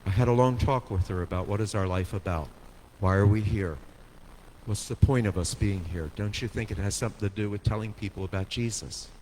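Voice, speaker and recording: A man preaching a sermon, telling a story with dramatic swings from hushed to soaring delivery. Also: lowish voice, a little fast. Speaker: pastor. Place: church sanctuary. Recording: long hall reverb, faint noise.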